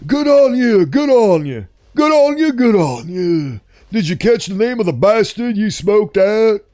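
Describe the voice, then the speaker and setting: Bellowing ghost foreman, high and slow, boisterous, played by a man. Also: big pitch swings, dark tone, faint music behind. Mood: hearty. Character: gruff wheezing male foreman spectre, boisterous.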